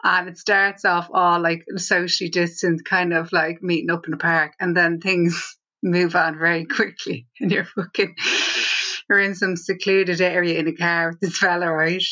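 A woman's voice: fairly low pitch, level tone, normal speed, bright, forceful tone. A woman co-hosting a comedy podcast, swearing freely and laughing her way through absurd riffs. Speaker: podcast co-host. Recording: dull lo-fi audio.

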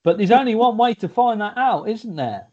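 A man's voice: high-pitched, expressive, normal speed, dull audio. A man, telling rambling jokey stories in a casual podcast chat. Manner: joking, rambling storyteller.

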